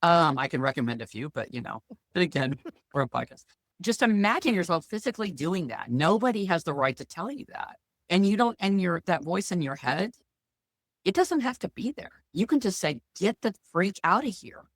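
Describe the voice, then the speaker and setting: A woman's voice: lowish voice, brisk, no room sound. A middle-aged woman, a financial planner guest, talking bluntly and telling stories in a casual interview. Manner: lively, blunt storyteller.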